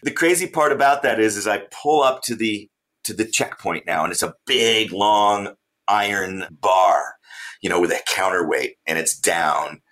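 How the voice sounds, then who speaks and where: Animated low-voiced male storyteller. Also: moderate pace. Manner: animated storyteller, laughs often. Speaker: author and traveler, guest. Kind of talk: storytelling in a podcast interview.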